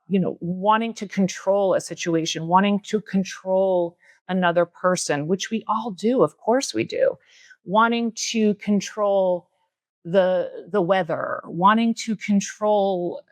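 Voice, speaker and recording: Middle-aged woman yoga teacher, earnest reflective podcast talk, dry close sound, mid pitch. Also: no room sound. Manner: earnest, slows down to stress key words. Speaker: spiritual and yoga teacher, guest speaker. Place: retreat center room.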